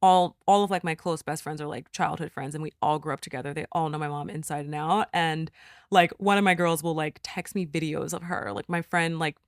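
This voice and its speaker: A woman in her thirties, a podcast guest, telling stories in an animated, affirming way. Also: low-pitched, fairly quick, no room sound, clean studio sound. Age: 30s. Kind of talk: casual chat.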